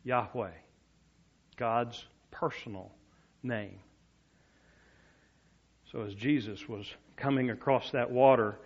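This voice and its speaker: A male preacher delivering a storytelling sermon, dropping to soft, low tones for quoted words. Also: fairly even intonation, takes it slowly, long pauses, lo-fi sound.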